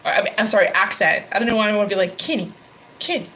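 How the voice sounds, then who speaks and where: A woman's voice: medium pitch, steady tone, racing, bright, forceful tone, a little hiss or hum, rough recording. A woman giving a casual tarot reading, chatty, laughing often and correcting herself mid-sentence. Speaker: tarot reader. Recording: card shuffling and clicks behind voice.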